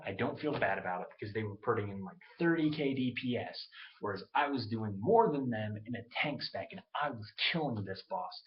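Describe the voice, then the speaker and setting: A man talking straight into his webcam in a loose, worked-up rant. He swears freely and puts on other people's voices when he quotes them. His voice sits at an ordinary pitch, and the webcam audio is a little dull. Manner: animated, profane, mimics others in quotes. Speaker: gamer ranting on webcam. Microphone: webcam mic.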